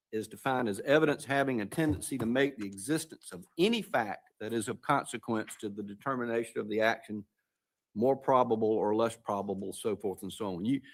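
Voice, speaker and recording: A man serving as an appellate judge, asking hesitant, searching questions from the bench in a courtroom. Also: medium pitch.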